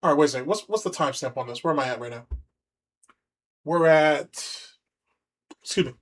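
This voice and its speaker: A man's voice: on the high side, fairly quick. A man hosting a livestream, rambling and mocking as he comments on a video. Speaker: streamer host.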